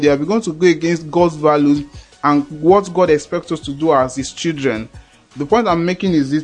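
A man's voice: fairly high pitch, darkish tone. A man preaching a sermon in an earnest, repetitive way, often checking that listeners understand.

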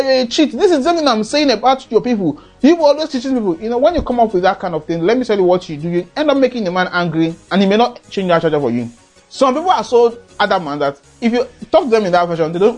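Speaking in a high-pitched, darkish voice, a man with a Nigerian accent lectures his audience in an earnest advice monologue. As a motivational speaker, he performs quoted lines of dialogue to drive his points home.

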